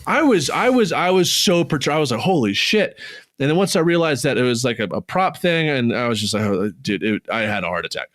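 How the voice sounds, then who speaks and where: A man co-hosting a podcast, telling a travel story in casual chat, swearing freely, his voice jumping high when he gets excited. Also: fast talker, hardly any pauses, no echo, clean studio sound. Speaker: podcast co-host.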